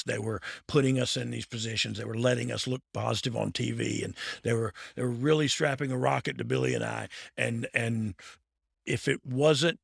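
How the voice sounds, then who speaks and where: Gravelly man in his fifties, laid-back host who laughs his way through wrestling stories. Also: medium pitch, a bit bright, no room sound, clean studio sound. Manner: laughs often, loose and playful. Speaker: podcast host, former wrestler. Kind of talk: casual storytelling chat.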